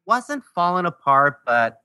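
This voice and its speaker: A man in his forties, a podcast guest, telling a story about his early mistakes with animated, self-mocking humor. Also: high voice, unhurried, smooth, dry recording, clean studio sound. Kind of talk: casual storytelling.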